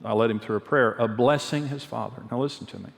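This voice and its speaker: A man's voice: mid-range voice, fast talker, creaky. Middle-aged guy preaching, earnest, repeats himself for emphasis, big hall reverb. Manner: earnest, candid storytelling, repeats phrases for emphasis. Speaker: pastor and marriage teacher. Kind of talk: sermon with personal stories.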